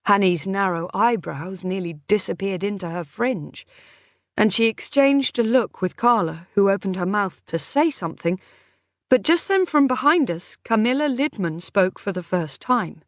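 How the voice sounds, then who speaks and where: A woman's voice: mid-range voice, animated, moderate pace, no echo. Woman narrating an audiobook, dry sound. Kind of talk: first-person audiobook narration.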